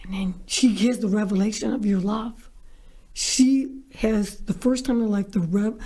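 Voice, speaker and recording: A woman's voice: mid-range voice, moderate pace, mellow, breathy edge. A woman guest on a talk show who tells a story in a brash, theatrical way, acting out the voices. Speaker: guest, filmmaker. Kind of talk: animated storytelling.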